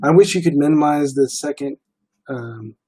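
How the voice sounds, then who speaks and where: Relaxed man chatting on a livestream. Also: fairly high pitch, normal speed, breathy edge. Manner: relaxed, rambling, many fillers. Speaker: livestream host. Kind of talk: casual livestream chat.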